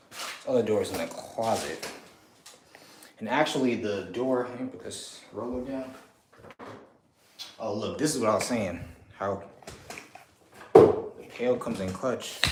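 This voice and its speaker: Painting a small bathroom under renovation indoors, a man with a lowish, slightly mellow voice gives himself chatty, slangy commentary. He's a DIY renovation vlogger; the audio is echoey and distant from the mic, with background noise.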